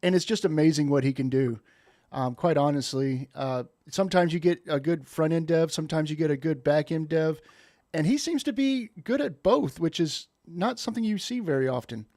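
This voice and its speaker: A man talking casually on a livestream, enthusiastic and halting with fillers. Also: a little high, darkish tone, no room sound, clean studio sound. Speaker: team member.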